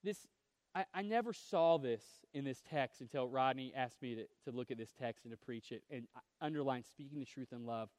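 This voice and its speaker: A man's voice: fairly high pitch, darkish tone, dry recording. A man preaching a sermon in an earnest, conversational way, often restarting phrases, with a voice he calls whiny. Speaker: pastor.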